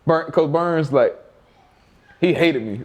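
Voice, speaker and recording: A man's voice: on the high side, slow pace, a little mellow. A young man telling laid-back, profane stories as an interview guest, often laughing and acting out his coaches' voices. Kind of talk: casual storytelling.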